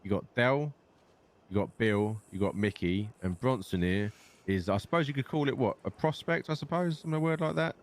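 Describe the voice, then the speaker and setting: Deep-voiced swearing Londoner. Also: male voice, fairly quick. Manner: swears a lot, rambling storyteller. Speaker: gang leader in roleplay. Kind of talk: in-character roleplay chat.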